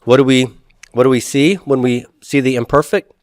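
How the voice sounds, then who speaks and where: A man's voice: medium pitch, fairly even intonation, normal speed, no echo, studio quality. A man teaching a recorded grammar lecture, explaining step by step and putting questions to the class, with folksy asides.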